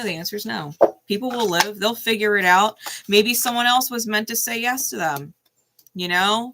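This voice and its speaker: A woman's voice: medium pitch, bright, forceful tone. A middle-aged woman giving a casual tarot card reading, blunt and profane, laughing often.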